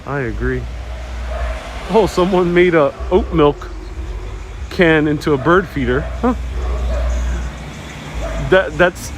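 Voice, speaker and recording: A man's voice: on the high side, takes it slowly, long pauses. A man hosting a live walking tour outdoors, chatting casually to viewers and reading their comments aloud. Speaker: city walk livestream host. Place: outdoors on city streets. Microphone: wireless mic while walking. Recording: outdoor street noise.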